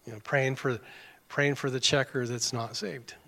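A man's voice: medium pitch, fairly even intonation, moderate pace, sharp tone. A man preaching a sermon as pastor, folksy and conversational with self-deprecating humor. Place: church sanctuary. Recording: long hall reverb.

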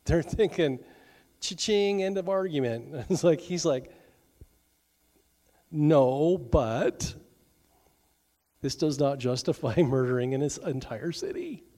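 A middle-aged man preaching a sermon at a middle pitch. He talks in an easy, conversational way, drops in joking asides, and briefly acts out the voices he quotes. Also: slow pace, pauses often, warm tone. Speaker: pastor.

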